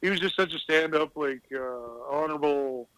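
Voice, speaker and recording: A man's voice: fairly high pitch, normal speed, fairly bright tone, clear, resonant tone, no room sound, poor audio. Rambling storyteller man, dry close mic. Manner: rambling storyteller, laughs at his own stories. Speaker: guest, retired hockey player. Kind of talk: casual podcast interview.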